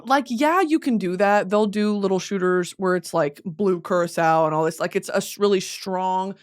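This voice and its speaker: Speaking at a medium pitch and moderate pace, this young woman with a Southern US accent runs a laid-back solo podcast chat. She rambles and lets swear words fly during flustered outbursts.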